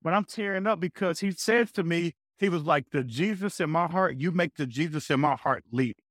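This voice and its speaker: Energetic man telling a faith story. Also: fairly high pitch, normal speed, dry recording, clean studio sound. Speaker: podcast guest. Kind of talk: casual faith talk.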